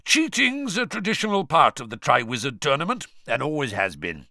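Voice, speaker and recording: A man putting on a gruff growling old auror. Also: a little high, big pitch swings, brisk, sharp tone, no echo, studio quality, voice pushed up, exaggerated voice. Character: gruff grizzled older male auror, suspicious.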